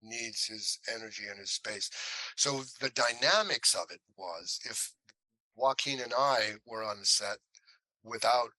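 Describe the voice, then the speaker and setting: In a fairly low-pitched voice, an older man with an acting career tells anecdotes as an interview guest. The recording is dry and low in quality. His manner is casual and animated, and he plays out the quoted lines himself.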